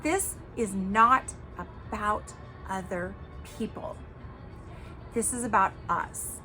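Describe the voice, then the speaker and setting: A woman's voice: medium pitch, takes it slowly, pushed and bright, soft background music. A woman hosting her own podcast, talking casually and emphatically to viewers, giving tough-love advice with the odd cuss word. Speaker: podcast host.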